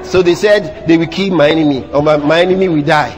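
A man with a Nigerian accent preaching a sermon in church, animated and teasing the congregation. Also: fairly high pitch, rapid-fire, few pauses, big-room sound. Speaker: pastor. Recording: music playing behind the sermon.

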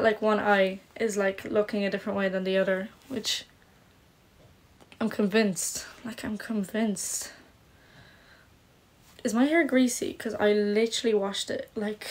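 A woman's voice: mid-range voice, darkish tone. A young woman with Polish parents who lives in Ireland, chatting casually on a phone livestream, reading comments and fretting with lots of "like". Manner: chatty, self-conscious, lots of "like". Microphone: phone camera.

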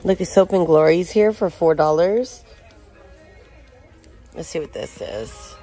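Slow-talking woman reading price tags. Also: lowish voice, mellow, soft background music. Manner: chatty, reads out prices and labels. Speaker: shopping vlogger. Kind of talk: casual store walkthrough narration. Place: inside a large retail store.

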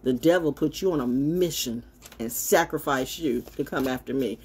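A woman's voice: a bass voice, moderate pace, darkish tone, breathy edge. A woman holding a casual, brash, sassy monologue to camera as a self-styled spiritual oracle, swinging from mocking asides to blunt remarks.

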